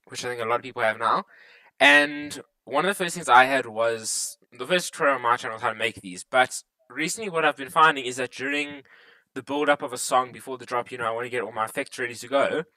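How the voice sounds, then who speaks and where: A man's voice: medium pitch, fairly quick, pushed and bright, no room sound, low-quality recording. A man hosting a livestream, casually explaining a lighting console setup in a rambling way with frequent restarts. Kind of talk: casual live tutorial chat. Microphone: desktop USB microphone.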